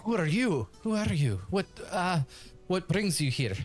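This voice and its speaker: A flustered young woman guards her sick brother's bedside and stumbles over her words, as a man puts her on. She speaks slowly, with faint music behind. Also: high-pitched, big pitch swings, voice pushed up. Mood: alarmed. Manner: flustered and hesitant.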